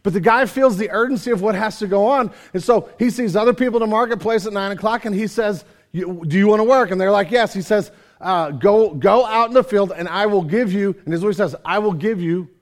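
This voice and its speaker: A man preaching a sermon, telling a parable with animated storytelling and acting out the characters. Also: high voice, brisk. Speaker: pastor.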